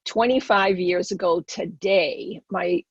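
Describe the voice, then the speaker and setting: A woman's voice: fairly low pitch, slow pace, husky, dry recording, dull audio. A middle-aged woman with a Boston accent, telling her personal story earnestly as a podcast guest.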